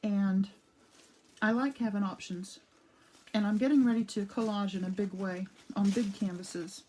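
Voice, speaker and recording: A chatty woman walks viewers through her paper craft in a relaxed live demo, her pitch sitting in the middle of the range for women. She rambles a little, restarts her sentences and greets viewers by name as she works. She talks around a cough drop. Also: unhurried, low-quality recording. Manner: rambling, with frequent restarts and asides. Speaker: art demo host. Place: home art studio.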